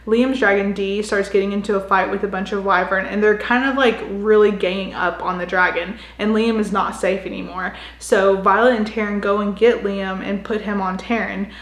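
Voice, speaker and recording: Young woman, casual book recapper, chatty, filler-heavy, mid-pitch, echoey room. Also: fairly even intonation, normal speed, hardly any pauses.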